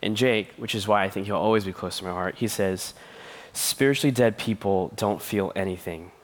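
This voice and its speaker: A man's voice: lowish voice, normal speed. A man preaching as a youth pastor, telling stories with playful voices and laughter. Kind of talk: sermon.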